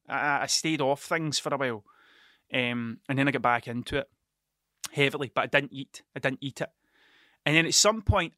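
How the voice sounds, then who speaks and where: A man's voice: mid-range voice, sharp tone, no room sound, clean studio sound. A middle-aged man with a Scottish accent, telling a rambling, sweary story in a casual monologue. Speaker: vlogger, musician.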